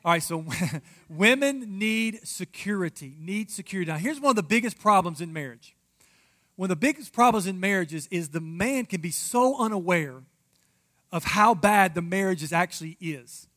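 A man's voice: sits high, expressive, normal speed, sharp tone. A man preaching a marriage sermon as pastor, emphatic and addressing the congregation directly.

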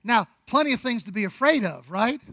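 A man preaching a sermon, conversational, with rhetorical questions, asides and slow, deliberate emphasis on key words. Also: extremely high pitch, animated, bright, forceful tone, no room sound, rough recording. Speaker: pastor.

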